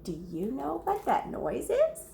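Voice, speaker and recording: A woman reading a story aloud to children, pausing to ask the young listeners questions and gasping or whispering for effect. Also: sits high, wildly swooping pitch, vocal fry, warm tone, a little hiss or hum.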